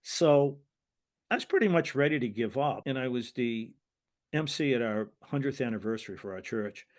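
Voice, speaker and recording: A retired wrestling referee, an older American guest in an interview, spins long anecdotes in a mid-range voice with lively intonation at a moderate pace. He wanders and restarts, bringing quoted voices to life as he goes.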